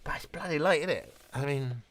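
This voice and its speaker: A man hosting a relaxed late-night livestream, rambling and a bit tipsy. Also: a little high, a little fast. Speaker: livestream host.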